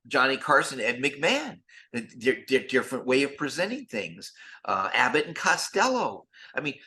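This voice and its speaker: Older man guest, bright forceful voice, animated storyteller who stumbles over repeated words. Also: mid-range voice. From United States. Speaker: guest actor. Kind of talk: storytelling interview.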